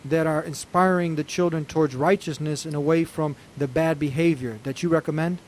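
A man hosts the show with an emphatic, preacherly delivery. His voice sits a little high for a man, and he presses his points firmly. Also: fairly even intonation, a little fast, slight background noise. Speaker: host. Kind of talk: interview hosting.

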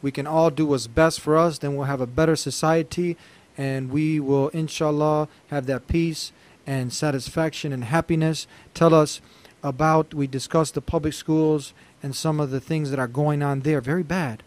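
A man hosts the show with an emphatic, preacherly delivery. His voice sits a little high for a man, and he presses his points firmly. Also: fairly even intonation, normal speed, a little mellow. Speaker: host. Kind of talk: interview hosting.

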